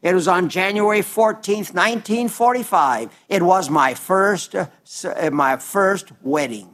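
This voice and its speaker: A man in his nineties, a pastor giving a broadcast sermon and reading viewer letters, slow and earnest, dwelling on repeated words. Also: sits high, a bit bright. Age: 90s. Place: South Dakota.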